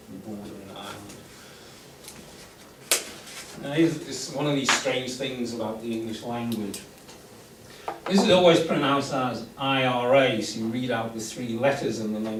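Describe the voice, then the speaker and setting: A man giving a classroom lecture in an explanatory way, often restarting his sentences. He speaks from a distance in an echoey classroom, with faint background noise. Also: mid-range voice. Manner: explanatory, frequent restarts and fillers.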